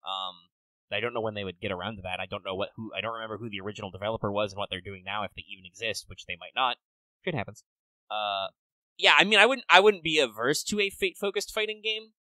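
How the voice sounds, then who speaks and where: A man co-hosting a podcast, chatting casually with relaxed, wry asides. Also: fairly low pitch, fast talker, no echo, rough recording. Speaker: podcast co-host. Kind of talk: casual chat.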